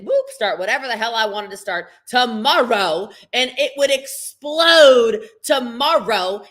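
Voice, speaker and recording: A woman's voice: a little high, bright, forceful tone. A woman coaching viewers on a live stream, blunt and emphatic, hammering her points home with repetition. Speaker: business coach.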